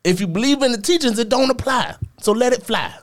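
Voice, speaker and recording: A man's voice: extremely high pitch, expressive, a little fast. A man co-hosting a casual podcast chat, teasing the others and laughing a lot. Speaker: podcast co-host.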